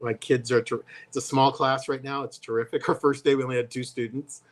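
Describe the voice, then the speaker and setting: A man's voice: medium pitch, level tone, brisk. Co-host, male, conversational storyteller who jumps into voiced quotes. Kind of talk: casual chat. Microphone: live stream.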